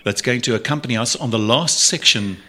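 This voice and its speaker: A man's voice: medium pitch, a little fast, bright, forceful tone. A man with a South African accent hosting a radio show from the studio, bantering in a teasing, playful way. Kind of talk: casual on-air banter.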